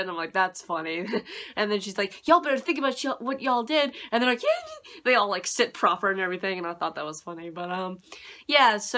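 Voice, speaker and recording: A woman giving a casual, rambling anime review, dismissive and quick to laugh. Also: mid-range voice, sharp tone.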